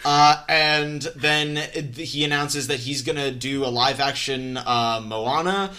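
A man's voice: medium pitch, takes it slowly, bright, forceful tone. A man co-hosting a podcast, chatting casually and animatedly with lots of fillers and asides. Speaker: podcast co-host. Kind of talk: casual movie discussion. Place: room just after a theater visit.

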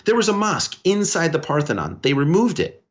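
A man co-hosting a podcast, telling a story in a rambling, animated way with lots of restarts. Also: on the high side, fairly quick, muffled recording. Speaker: podcast co-host. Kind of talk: casual podcast conversation.

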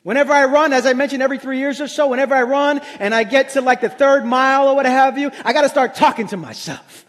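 High-voiced man preaching in a reverberant hall. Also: a bit bright. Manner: emphatic, slows down and drops low for scripture lines. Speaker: pastor. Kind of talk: sermon. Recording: long reverb of a large hall.

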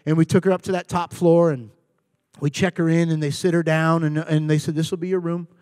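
Casting note: male pastor in his forties, high-pitched voice, dry close sound, acts out voices in his stories. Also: little pitch movement, a little fast, darkish tone, no echo. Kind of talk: sermon. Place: church.

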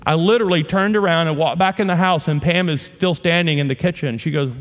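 A man preaching a sermon and telling a story, moving between loud, animated bursts and hushed asides. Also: a little high, fairly quick, long reverb tail. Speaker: pastor.

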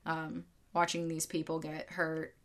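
Speaking slightly slowly in a deep, entirely flat voice, a woman co-hosts a laid-back podcast while venting in heated, swearing bursts. Fillers and "like" crop up constantly in her ranting chat.

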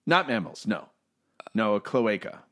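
A man's voice: fairly low pitch, big pitch swings, a little slow, a bit bright. A man co-hosting a casual chat, sounding incredulous and rambling. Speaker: co-host.

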